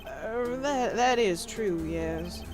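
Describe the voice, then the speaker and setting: A woman voicing a pompous older male defense lawyer with an exaggerated Southern US drawl, slow and musing. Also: medium pitch, animated, over music. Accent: Southern US drawl, put on.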